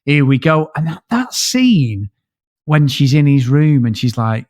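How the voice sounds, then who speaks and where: A man talks through a film in a loose, meandering way, cursing freely and looping back on himself. His voice sits at an ordinary middle pitch. The recording is dry and close, with no room sound. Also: moderate pace, no room sound. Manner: rambling, sweary, animated storytelling. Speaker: podcast co-host. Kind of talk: casual film review chat.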